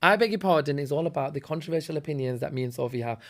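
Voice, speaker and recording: Emphatic man hosting a podcast. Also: fairly high pitch. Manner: opinionated, emphatic, quick to jump in. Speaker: podcast host. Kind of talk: casual chat.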